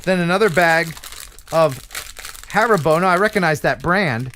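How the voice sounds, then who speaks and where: A man's voice: on the high side, lively intonation, normal speed, pushed and bright, a little hiss or hum. A man hosting a live stream in a casual, jokey way, reading viewer mail aloud and laughing at himself. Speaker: host.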